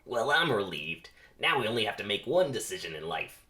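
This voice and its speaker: A man's voice: lowish voice, big pitch swings, fairly quick, pushed and bright. A man voicing an earnest young male bee with an odd put-on accent.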